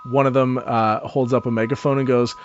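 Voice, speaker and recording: A man's voice: mid-range voice, flat delivery, brisk, muffled recording, slight background noise. A man narrating a tabletop game as dungeon master, loose and chatty with fillers, often laughing.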